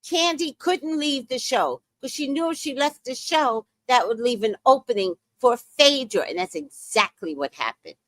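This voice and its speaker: Profane, blunt woman with a higher voice. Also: lively intonation, moderate pace, hardly any pauses, fairly bright tone, dry recording. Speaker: commentary host. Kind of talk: angry celebrity gossip commentary.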